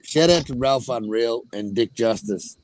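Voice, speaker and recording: A man's voice: medium pitch, measured pace, darkish tone, dry recording. A man chatting casually about boxing in a laid-back, agreeable way, swearing casually. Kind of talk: casual profane banter.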